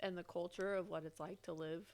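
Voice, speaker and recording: Young woman co-host with a lowish voice, rambling casual chat between bites. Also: steady tone, a little fast. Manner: loose, rambling, laughs often. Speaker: podcast co-host.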